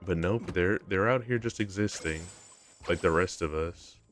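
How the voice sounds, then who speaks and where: Deep-voiced young man rambling on stream. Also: moderate pace, a bit bright. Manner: rambling, full of fillers and restarts. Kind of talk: casual live-stream chat while gaming. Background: faint game music.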